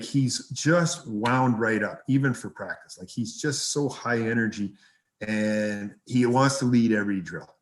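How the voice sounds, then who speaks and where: A man, a hockey coach, telling lively anecdotes as a podcast guest and swearing freely. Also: medium pitch. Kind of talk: casual storytelling.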